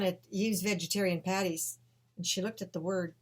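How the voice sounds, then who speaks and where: Woman telling a dramatic story, gets loud then quiet, kinda lowish voice, swears a bit. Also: steady tone, moderate pace, breathy edge. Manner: emphatic, swings between hushed and loud, swears. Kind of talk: emotional personal storytelling.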